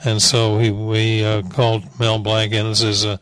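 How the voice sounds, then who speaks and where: A man's voice: lowish voice, completely flat delivery, moderate pace, a bit bright, clear, resonant tone, dry recording, rough recording. Older man telling wry studio anecdotes. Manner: rambling storyteller with frequent "uh" and restarts; wry, dryly humorous. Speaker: veteran animation director. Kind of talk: anecdotal reminiscing talk.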